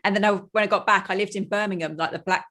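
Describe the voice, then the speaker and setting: A woman's voice: medium pitch, steady tone, fast, sharp tone. A woman from the UK, a podcast guest, talking in a chatty, upbeat way with frequent laughter. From United Kingdom. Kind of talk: casual chat.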